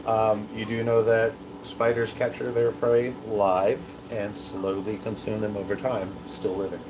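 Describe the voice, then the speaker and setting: A man running a tabletop game as dungeon master, narrating in a relaxed, rambling way with many fillers. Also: lowish voice, unhurried, background noise.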